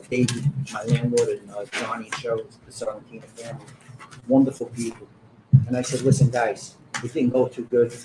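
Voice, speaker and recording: A middle-aged man tells a story with blunt, animated energy. He acts out every line of the quoted dialogue. He sits in a roomy, echoing back room with clear construction banging and ambient noise behind him. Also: mid-range voice. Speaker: pizzeria owner. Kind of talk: storytelling in an interview.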